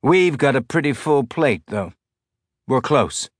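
A man's voice: mid-range voice, lively intonation, unhurried, breathy edge, no room sound, clean studio sound, voice pushed up. A man voicing a wry alien machine that talks in a tinny voice with a Belter accent. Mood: dry. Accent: Belter (The Expanse). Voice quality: tinny, laconic drawl.

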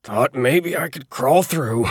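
Guy putting on a grumpy hurt old man, gruff and short, voice pitched up, dry sound. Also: expressive, takes it slowly, dry recording, full character voice. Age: older. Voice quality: gruff, terse. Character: injured gruff old man, curt and irritable.

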